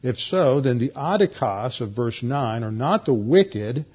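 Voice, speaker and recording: A man's voice: mid-range voice, lively intonation, unhurried, slightly rough. A man giving an earnest expository Bible teaching, explaining word meanings with emphatic stresses and frequent restarts. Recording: dull lo-fi recording.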